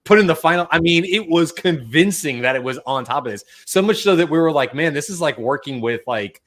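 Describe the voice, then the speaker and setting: A man hosts a podcast panel in a relaxed, chatty way. His voice sits at a middle pitch. He tells stories animatedly and acts out the quoted lines. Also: a little fast. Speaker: podcast host. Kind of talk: casual panel chat.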